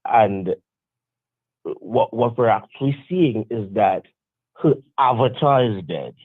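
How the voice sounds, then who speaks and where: A man calls in to a live show over a tinny phone line, his fairly low, slightly rough voice slow and expressive on a dry recording. He chats casually, rambling and restarting his sentences.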